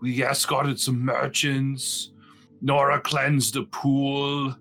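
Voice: medium pitch, level tone, slow pace, fairly bright tone. A tabletop player speaking in character in a playful, joking way. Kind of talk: tabletop game role-play. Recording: faint background music.

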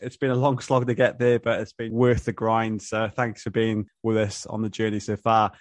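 A man's voice: on the low side, little pitch movement, moderate pace, no room sound. A man with a New Zealand accent hosting a casual football podcast, speaking over a video call in a laid-back, matey way. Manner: laid-back, matey banter, laughs often. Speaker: podcast host. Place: motel room on a video call.

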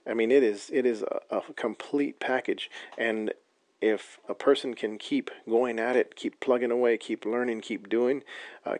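A man hosting a casual solo podcast, talking haltingly with lots of fillers and restarts. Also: on the low side, vocal fry, a little mellow. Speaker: podcast host.

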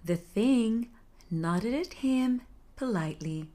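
A woman narrating a folktale as a soothing bedtime story, soft and hushed, at times slipping into a whisper. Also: on the low side, slow.

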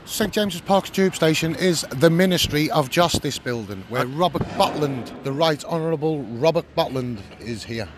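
A man's voice: fairly high pitch, moderate pace, hardly any pauses, background noise. A man with a Scouse accent, a campaigner speaking earnestly and indignantly in an on-the-spot street interview. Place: outdoors on a city street.

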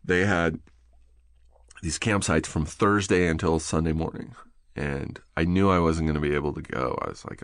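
A middle-aged man telling a casual story as a podcast guest, animated and profane, often laughing. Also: rumbling low, moderate pace, no echo, studio quality.

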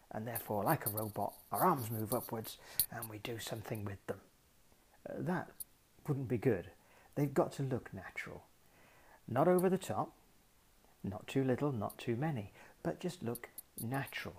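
Guy hosting a public speaking lesson, husky voice, lots of ups and downs, asks himself questions then answers. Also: medium pitch, a little mellow. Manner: explanatory, measured, asks and answers own questions. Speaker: host. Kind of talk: instructional talk on public speaking.

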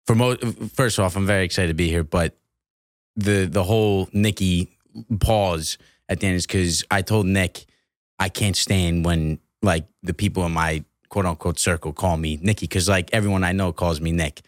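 A man's voice: deep voice, steady tone, normal speed, dry recording, clean studio sound. A man who is a podcast guest in casual chat, laid-back and rambling with plenty of filler words.

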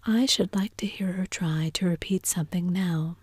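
A woman voicing a melancholy, pedantic male sea creature in a slow, thoughtful whispered role-play. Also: lowish voice, breathy edge, no echo.

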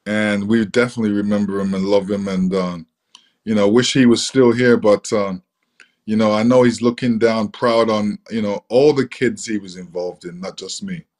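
A man's voice: fairly low pitch, steady tone, moderate pace, darkish tone. Easygoing man telling stories, filler-heavy. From England. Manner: easygoing, many fillers like "you know". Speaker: interview guest. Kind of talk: relaxed storytelling.

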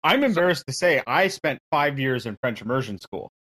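A man's voice: mid-range voice, big pitch swings, fairly quick, a bit bright, rough recording. A man on a podcast, speaking in a dry, self-deprecating way in casual chat. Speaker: podcast guest.

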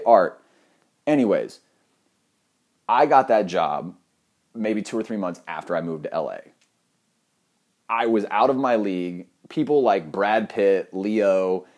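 Young adult man with a somewhat low voice, comic storyteller: animated, crude, self-deprecating. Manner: animated, profane, self-mocking, laughs often. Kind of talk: comedic personal anecdote.

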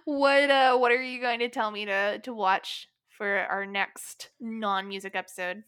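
A woman co-hosts a casual podcast with a bright, clear voice. She talks in an animated, giggly way, swears casually and leans on "like" between thoughts. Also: mid-range voice, measured pace, dry recording, studio quality. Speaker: podcast co-host. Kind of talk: casual chat.

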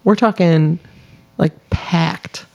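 A woman's voice: fairly low pitch, drawn-out words, darkish tone, dull audio. Chatty woman telling a story. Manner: chatty, laughing, loose storytelling with fillers. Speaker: podcast co-host telling a history story. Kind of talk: casual chat among friends.

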